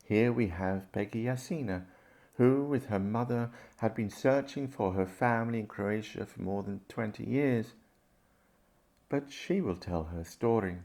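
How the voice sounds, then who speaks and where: A man giving calm, measured scripted narration for a documentary film, with guitar music underneath. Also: fairly low pitch.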